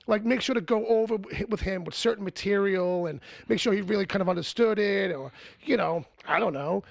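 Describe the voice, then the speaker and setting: A man's voice: high voice, fairly quick, creaky, no echo. A man hosting a podcast, rambling in casual chat and full of fillers. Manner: animated, filler-heavy rambling. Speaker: podcast host.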